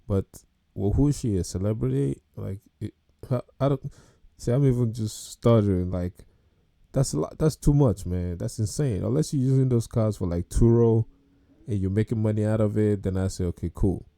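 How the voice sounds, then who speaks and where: A man's voice: fairly low pitch, a little fast, creaky, warm tone, no room sound, clean studio sound. A man hosting a podcast, reacting to video clips about car payments with casual, incredulous commentary and laughter. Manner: incredulous, laughs and exclaims at prices.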